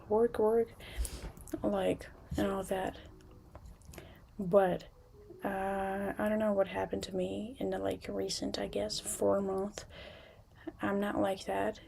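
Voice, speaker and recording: A young woman livestreaming from a room at home, chatting casually with viewers in a halting way with many restarts, now and then dropping to a whisper. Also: mid-range voice, creaky, slight background noise. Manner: halting, restarts often, soft at times.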